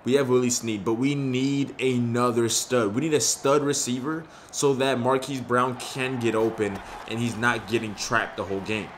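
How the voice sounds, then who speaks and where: A young gaming YouTuber gives casual, slangy commentary on his own video game at normal speed with hardly any pauses. He gets excited at big plays and frustrated when things go wrong, his mid-pitched voice over faint background noise.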